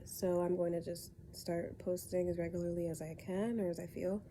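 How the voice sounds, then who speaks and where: A woman's voice: on the low side, flat delivery, moderate pace, warm tone, a little hiss or hum. A young woman with a stuffy cold, giving a casual tarot reading from her bed and rambling as she corrects herself. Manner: rambling, loose and self-correcting. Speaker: tarot reader. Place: in bed at home.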